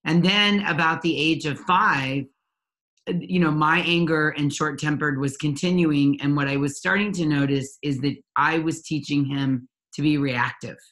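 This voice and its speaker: A woman's voice: deep voice, a bit bright. Earnest woman parent coach telling her story. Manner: earnest and candid, often pausing with ums and restarts. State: near tears at times. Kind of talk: personal story in an interview.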